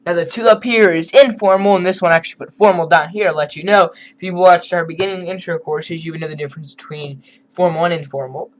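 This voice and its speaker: A man's voice: fairly high pitch, fairly even intonation, quick pace, slight background noise, poor audio. A man teaching a beginner Spanish lesson over a screen recording, explaining in a casual, chatty way with asides.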